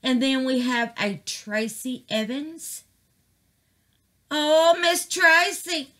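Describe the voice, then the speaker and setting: A woman's voice: sits high, steady tone, takes it slowly, fairly bright tone. A middle-aged woman chatting casually to her viewers about her craft, calling them babies and honey. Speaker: craft vlogger.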